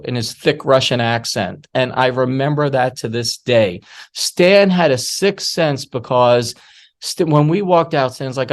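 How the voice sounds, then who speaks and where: A man's voice: fairly high pitch, moderate pace. A man giving a masterclass on security awareness, telling anecdotes in an emphatic way with frequent asides. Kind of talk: masterclass storytelling lecture.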